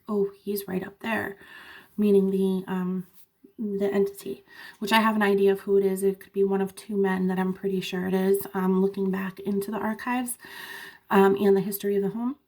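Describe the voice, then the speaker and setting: A woman vlogger telling a story in casual chat, animated, with laughing asides and many fillers, fighting off a cough. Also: mid-range voice, moderate pace. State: sick with a cough.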